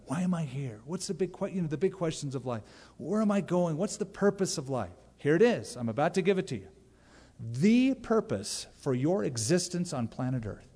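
A man's voice: fairly high pitch, darkish tone. Emphatic male preacher in a reverberant hall. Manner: emphatic, conversational preaching with asides. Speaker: pastor. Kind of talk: sermon.

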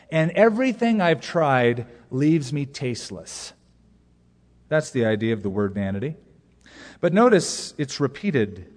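Male pastor, higher voice, joking storyteller, sermon recorded in a reverberant hall. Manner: storytelling with jokes, emphatic repetition. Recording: long reverb of a large hall.

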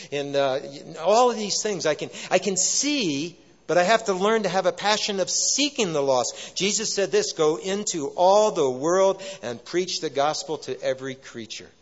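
An earnest pastor with a fairly high voice preaches a sermon, leaning on repeated phrases for emphasis. The sound is dull and muffled, with a long reverb trailing off his words.

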